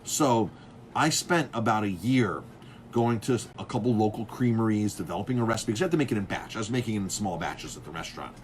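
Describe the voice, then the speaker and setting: A man's voice: fairly low pitch, fast, slight background noise. A man, a chef and restaurant owner, chatting casually and telling rambling stories, full of fillers and restarts. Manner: animated storyteller who acts out others' lines. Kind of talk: casual chat telling stories about beer.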